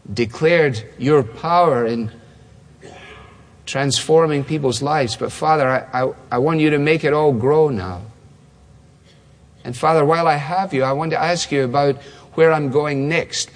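A man voicing Jesus in quiet, earnest prayer. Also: mid-range voice, lightly acted. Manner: earnest, halting, intimate. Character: Jesus praying alone, earnest and humble. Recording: long hall reverb.

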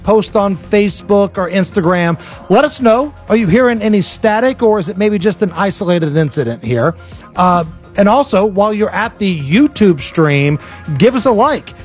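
A man's voice: high voice, expressive, faint music behind. A man hosting a talk radio show, joking loosely and reading ads in a casual way. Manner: loose, joking, quick asides. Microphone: studio mic.

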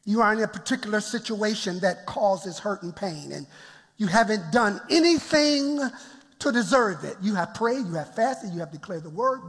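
A man with a very high, husky voice preaching a lively sermon to his congregation. He chuckles often and calls out for responses. His words ring out with a long reverb through the church. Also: measured pace. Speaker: pastor. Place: church sanctuary.

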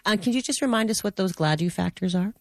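An interviewer puts short follow-up questions to the guest in a calm, even manner. The voice has a medium pitch. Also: fast, creaky, dry recording, clean studio sound.

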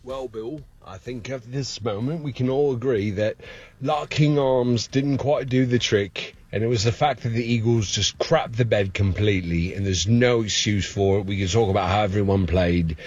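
A man's voice: on the low side, normal speed, a little mellow, husky, highs cut off. A man with a Philadelphia accent calling in to a sports show, joking and teasing. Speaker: caller.

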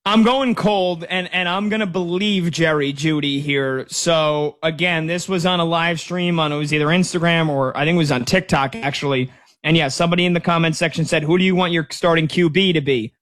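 A man in his thirties hosting sports talk radio in a slightly high voice. He rambles casually through anecdotes, restarting his sentences as he goes, on a studio mic. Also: fairly even intonation, brisk, a bit bright. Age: 30s. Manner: rambling, storytelling with many restarts.

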